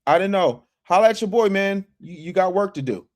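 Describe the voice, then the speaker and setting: A man's voice: sits high, expressive, a little fast. A man hosting a casual livestream, talking to his chat in slang and reading out super chats from his office. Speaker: livestream host.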